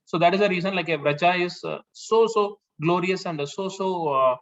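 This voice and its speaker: A man leading a scripture class, explaining the verses slowly with many fillers and restarts. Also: high voice, a bit bright. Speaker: class leader. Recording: dull lo-fi sound.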